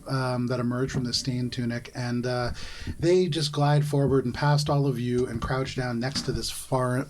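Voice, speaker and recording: A man's voice: mid-range voice, a little hiss or hum. A man narrating as game master in a tabletop game, rambling and correcting himself as he describes the scene.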